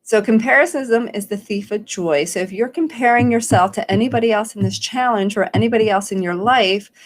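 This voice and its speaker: A woman hosts a daily challenge as a live-streamed coaching talk, her voice sitting a little high. She encourages her viewers and rambles at times, restarting sentences as she speaks. She acts out the self-questions she wants them to try.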